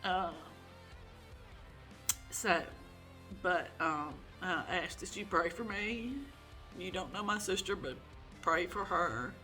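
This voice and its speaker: A woman recording a personal video diary, upset and close to tears, speaking haltingly with many fillers. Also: on the low side, pushed and bright, faint music behind. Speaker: vlogger.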